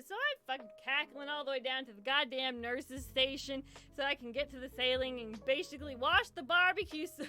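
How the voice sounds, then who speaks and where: A woman's voice: sits high, brisk, hardly any pauses, pushed and bright. A young woman hosting a livestream, telling a story casually, full of swearing and laughter. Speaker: charity livestream host. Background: lofi hip hop music.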